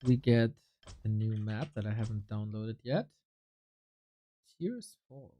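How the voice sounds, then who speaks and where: A man's voice: fairly low pitch, slow pace, muffled recording. A young man casting a strategy game live, chatting with viewers between plays and reacting as the match unfolds. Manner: lively, chatty, reacts to viewers mid-commentary. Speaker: esports caster and streamer.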